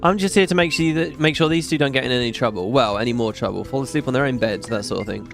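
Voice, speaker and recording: A man's voice: medium pitch, quick pace, gravelly, faint music behind, voice pushed down, lightly acted. A man reading the lines of a dry, matter-of-fact pirate crewman in a video game. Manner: reading a role aloud, casual.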